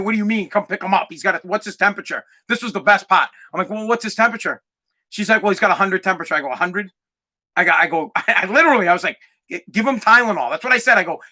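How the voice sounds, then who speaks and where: A man hosting a podcast, telling a comic story as an animated rant, swearing and acting out other people's voices. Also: high voice. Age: adult parent of a twelve-year-old. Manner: animated, acts out voices, swears, gets loud when ranting. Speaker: podcast host.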